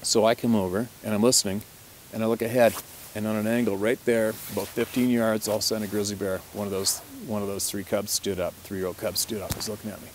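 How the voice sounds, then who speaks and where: A man, a hunting guide, telling a story in a relaxed, chatty way, laughing often and swearing mildly. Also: fairly low pitch, fast talker, slight background noise. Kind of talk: casual storytelling to camera.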